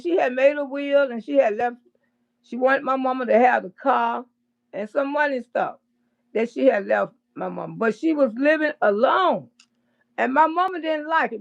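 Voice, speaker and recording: A woman doing casual livestream commentary, blunt and profane, with loud bursts of laughter. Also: sits high, creaky, dull audio.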